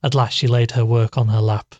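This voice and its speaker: A man narrating a classic ghost story in a measured storytelling manner. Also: medium pitch, level tone, darkish tone, no room sound, lo-fi sound.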